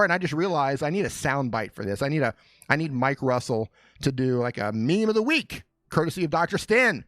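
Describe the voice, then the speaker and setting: Slightly high in pitch and free of echo, this man's voice leads a relaxed live question-and-answer stream from a small studio. He jokes around and greets viewers by name, sounding excited and fired up.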